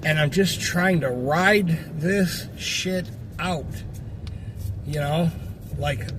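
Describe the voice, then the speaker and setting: Man with a high voice, exasperated casual vlog rant, heavy swearing, vehicle noise behind. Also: extremely slow. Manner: frustrated, swearing, rambling with restarts.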